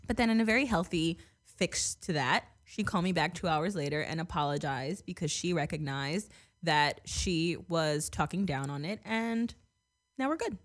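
A young woman talking in a casual chat, her voice set a bit low for a woman. She rambles through stories, cursing freely and padding her talk with fillers. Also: moderate pace. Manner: profane, chatty, filler-heavy. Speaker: podcast host.

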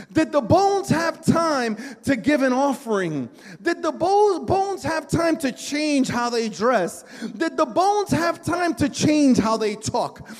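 A male pastor preaching a sermon in a church, with impassioned, repetitive calls to the congregation. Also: extremely high pitch. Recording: long hall reverb.

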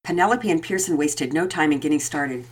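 A woman reading a children's story aloud, with gentle, expressive storytelling. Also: low-pitched, a little fast. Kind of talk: storybook read-aloud narration.

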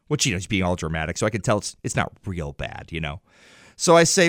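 A man's voice: fast talker, no room sound, studio quality. A man hosting a morning radio show, telling a family story in an upbeat, chatty way. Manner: upbeat, storytelling with lively jumps in pitch. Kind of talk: morning radio talk segment.

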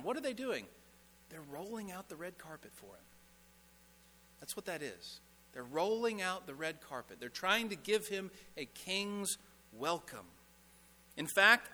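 A man preaching a sermon as a pastor, emphatic, asking rhetorical questions and dropping to a hush on key lines. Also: a little high, in a large hall. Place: church sanctuary.

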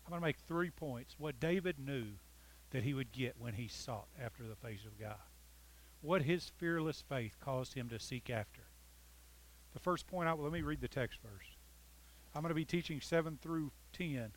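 A man preaching a sermon, reading scripture with dramatic emphasis and joking with his congregation. He swings between loud, pleading lines and soft, intimate ones. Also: medium pitch, moderate pace, rough recording. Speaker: pastor.

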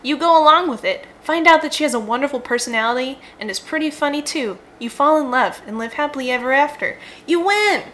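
Give me a giggly young woman with a crisp, bright voice narrating a silly adventure game. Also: high voice, animated, brisk, hardly any pauses, slight background noise. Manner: giggly, playful, laughs often. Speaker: host and story narrator. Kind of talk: narrating a choose-your-own-adventure game.

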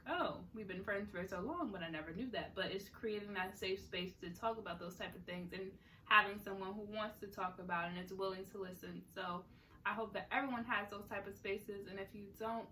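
Bright-voiced young woman from New Jersey. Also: mid-range voice. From Central New Jersey. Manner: animated, emphatic. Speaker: podcast co-host. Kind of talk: casual chat. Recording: distant mic with faint noise.

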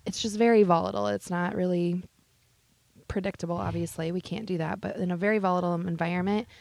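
A woman's voice: on the low side, expressive, fast, vocal fry, darkish tone, no echo. A woman co-hosting a financial radio show, adding earnest points about portfolio risk and legal documents. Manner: earnest, adds points, fillers like um and uh. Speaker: financial advisor co-host. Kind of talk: explanatory radio talk.

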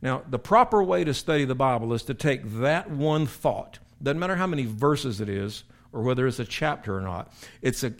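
An older male pastor teaches scripture in a plain, everyday speaking voice. He talks conversationally but with emphasis, circling back and repeating his phrases as he explains verses. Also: medium pitch. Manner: conversational and emphatic, with frequent repetitions and restarts. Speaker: pastor teaching a Bible study. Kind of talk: sermon-style Bible teaching.

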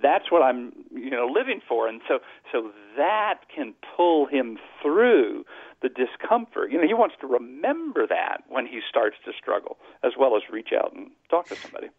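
A man's voice: medium pitch, big pitch swings, normal speed, creaky, slightly rough, dry recording. Earnest man on a tinny phone line. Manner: earnest, explains with stories. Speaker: guest psychologist and author. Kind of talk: radio interview over the phone. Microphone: telephone.

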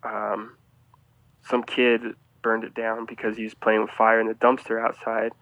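A man telling a rambling, animated story as a guest on a casual podcast, often restarting his sentences. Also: fairly low pitch, normal speed, creaky, dry recording, lo-fi sound.

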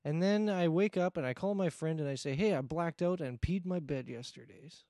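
A brash, crude foreign man, as a comedian puts him on, mangling his English in a thick mock Russian accent. His voice sits a little high for a man and sounds close and dry, without any room around it. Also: moderate pace, warm tone, no room sound, close to an everyday voice. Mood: boastful. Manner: put-on Russian-style accent, broken grammar. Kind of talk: improvised comedy bit.

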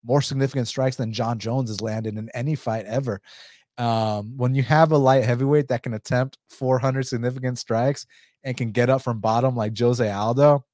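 In a dry, studio-quality recording, a young adult man analyzes an MMA bout and offers betting picks with blunt, casual energy, cursing and using many fillers. His medium-pitched voice is darkish, with a steady tone and normal speed, though his delivery is animated.

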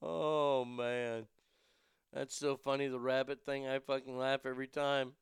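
A man's voice: medium pitch, little pitch movement, a little slow, smooth, no echo, studio quality. A man hosting a podcast, reading odd news stories and ranting about them with crude, profane, mocking outrage. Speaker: podcast host. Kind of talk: crude comedic news rant.

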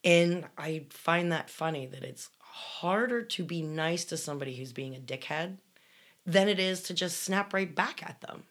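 A woman's voice: lowish voice, moderate pace, a bit bright. A middle-aged woman co-hosting a casual chat show, reading listener comments and telling blunt, swearing stories. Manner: blunt, storytelling, swears freely.

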